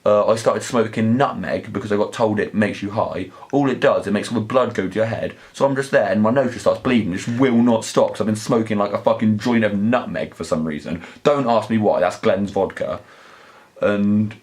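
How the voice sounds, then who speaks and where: A man's voice: fairly low pitch, fairly quick, darkish tone. A young man, telling crude, sweary, rambling stories in a casual vlog. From southern England. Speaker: vlog host. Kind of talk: casual anecdotal storytelling.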